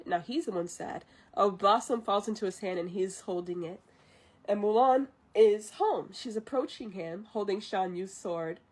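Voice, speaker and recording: Chatty woman retelling a movie. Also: medium pitch. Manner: chatty, animated, laughs often. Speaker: vtuber streamer. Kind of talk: casual movie retelling on a live stream.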